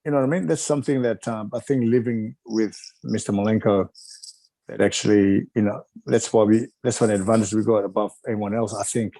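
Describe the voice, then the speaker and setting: A man's voice: on the low side, steady tone, brisk, gravelly, warm tone, dry recording. A middle-aged man from Wales, a retired wrestler, reminiscing in a rambling, chuckling way with lots of filler phrases.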